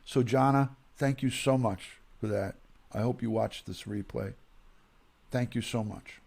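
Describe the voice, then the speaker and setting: A man hosting a live stream, reading viewers' condolence emails aloud in a slow, emotional, halting way. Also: mid-range voice, vocal fry, darkish tone.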